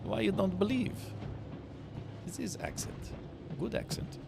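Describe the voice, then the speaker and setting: A man's voice: sits high, wildly swooping pitch, measured pace, vocal fry, music in the background, pitched above the performer's own voice, exaggerated voice. A man putting on a bad fake Eastern European accent, playing a boastful, mock-charming guy in broken English.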